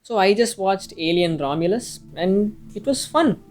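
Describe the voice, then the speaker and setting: A man's voice: sits high, lively intonation, measured pace, a little mellow. A man reading a casual, opinionated film review, now and then swearing mildly. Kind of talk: scripted review narration. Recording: music playing faintly behind.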